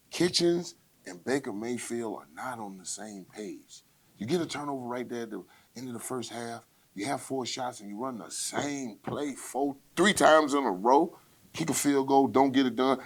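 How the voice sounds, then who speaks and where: Guy doing a football rundown, lowish voice, loud swaggering trash talk. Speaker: podcast host. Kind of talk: solo sports rundown, casual and brash.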